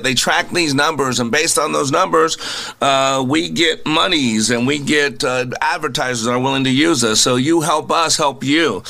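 A man's voice: on the high side, creaky, sharp tone. A man hosting a motivational radio show in an earnest, preacherly way. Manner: recites verse.

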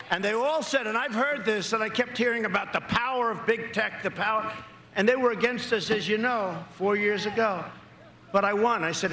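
A man's voice: sits high, normal speed, pushed and bright. A man giving a campaign rally speech, emphatic and repetitive, with rambling asides. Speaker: political candidate. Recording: echoey rally recording.

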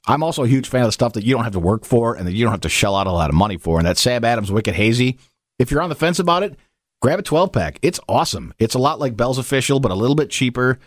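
A man's voice: medium pitch, animated, quick pace, no room sound, studio quality. A man hosting a casual podcast, chatting and rambling animatedly with his co-host. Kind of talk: casual chat.

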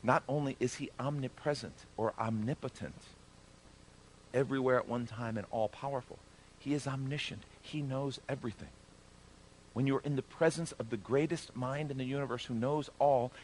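A middle-aged male pastor giving a conversational sermon, joking in asides and swelling loud for emphasis. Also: medium pitch, brisk, slight background noise.

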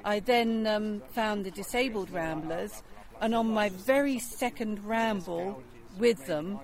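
A woman's voice: medium pitch, slow. A woman who leads walks, answering a presenter's questions cheerfully outdoors. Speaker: walk leader. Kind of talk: interview answers. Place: outdoors on a walk.

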